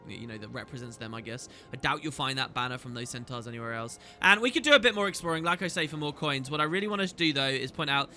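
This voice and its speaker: A man hosts a gaming video, chatting casually while he plays and reading quest dialogue aloud over faint game music. His mid-range voice is animated and sharp, moving at a quick pace with few pauses.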